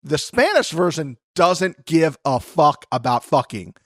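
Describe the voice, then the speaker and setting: Male podcast co-host, animated storyteller, swings his pitch widely. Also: a little slow, dry recording, studio quality. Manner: animated, acts out quotes with shouting and cursing. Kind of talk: casual chat.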